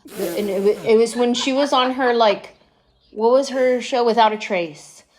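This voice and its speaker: A woman comedian in her thirties, a podcast guest telling animated stories and slipping into quick impressions. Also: a little high. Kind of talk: storytelling podcast interview.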